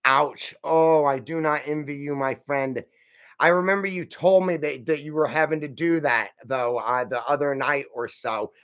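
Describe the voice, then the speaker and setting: Man, live-stream host, casual rambling chat, folksy, somewhat high pitch. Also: steady tone, normal speed, fairly bright tone, clear, resonant tone. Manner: rambling, chatty, reads viewer comments and answers them; folksy, calls viewers friend and y'all.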